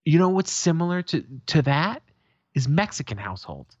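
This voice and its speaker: A man co-hosting a casual podcast, telling rough family stories full of swearing and acting out the voices of his relatives. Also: a little high, sing-song, moderate pace, no room sound, muffled recording. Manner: profane, storytelling, acts out quotes. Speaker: podcast co-host.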